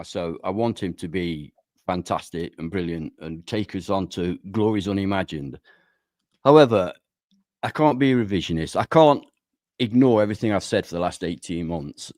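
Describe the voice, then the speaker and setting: A man joins a podcast panel and gives his opinions bluntly, swearing now and then. His voice sits very low. The sound is dry and close to the mic. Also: a little mellow, dry recording. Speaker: panel guest. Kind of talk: casual podcast discussion.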